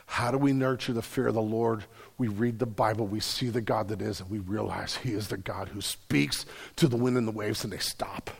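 A young adult man preaching a sermon, telling a story with big swings between loud and hushed. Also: fairly low pitch, fairly even intonation, moderate pace, vocal fry, slightly rough, big-room sound. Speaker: pastor.

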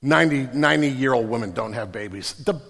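A man's voice: mid-range voice, animated, brisk, creaky, a bit bright. A male pastor giving a sermon in a casual, joking storytelling way with slang, heard with long reverb from a large hall.

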